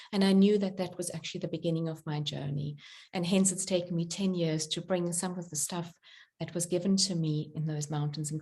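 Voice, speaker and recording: A middle-aged woman, a spiritual author and workshop leader, talking about belief and telling a personal story in an animated way, acting out quotes with many fillers. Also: lowish voice. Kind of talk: conversational talk with personal story.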